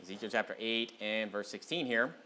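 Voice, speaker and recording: A man giving a casual, rambling sermon as a pastor, with many fillers and restarts, who reads scripture aloud slowly and with more force. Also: lowish voice, sharp tone, slight background noise. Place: church sanctuary.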